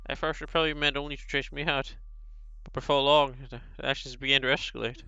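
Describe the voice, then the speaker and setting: A brooding male beast who longs to be human, as a man reads him aloud, slow and solemn, with pauses between phrases. The voice is bright and smooth, with a gravelly edge. It comes through a slightly dull, lo-fi stream recording. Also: medium pitch, level tone. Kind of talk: reading a visual novel aloud.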